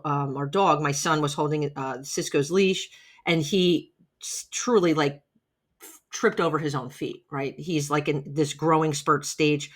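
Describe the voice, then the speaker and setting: A middle-aged woman giving a chatty, emphatic motivational talk as a podcast host, often checking in with "right?". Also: lowish voice.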